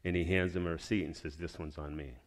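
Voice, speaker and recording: Man, very low voice, rambling heartfelt testimony, speaking in church. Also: flat delivery, fast talker. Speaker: church member giving a testimony.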